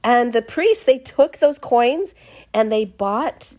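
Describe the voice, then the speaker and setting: A woman casually retelling a Bible chapter in her own words, expressive and chatty, often restarting her sentences. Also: a little high, slow. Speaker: podcast host reading the Bible.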